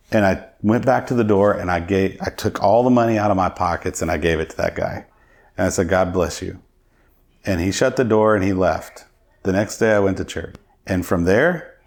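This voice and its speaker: A man's voice: low-pitched, a little mellow. A middle-aged man, a podcast guest, telling his personal testimony in an earnest, reflective way.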